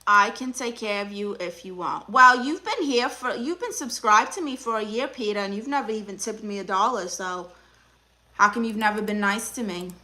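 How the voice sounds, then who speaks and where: Woman, young adult, Brooklyn accent, sassy, teasing, bright voice. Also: medium pitch, normal speed. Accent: Brooklyn New York. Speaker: livestream host playing an aunt therapist. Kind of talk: live stream chat reading.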